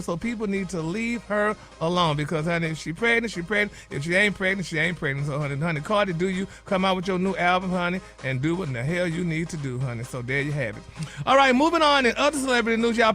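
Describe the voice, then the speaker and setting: Host slot, sassy gossip man, high bright voice, constant "honey", light music under him. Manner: sassy, peppers talk with "honey" and "y'all". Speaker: celebrity gossip reporter. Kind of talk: flamboyant gossip segment.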